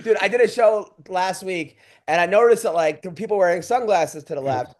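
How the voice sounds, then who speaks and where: A male comedian on a podcast telling stories excitedly, laughing as he goes. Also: sits high, fairly quick. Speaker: stand-up comedian, podcast co-host. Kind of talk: casual podcast chat.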